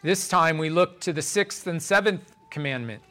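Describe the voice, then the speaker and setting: A pastor delivering a sermon in a measured, deliberate way, slowing down to stress key phrases. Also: male voice, a little high, bright, forceful tone.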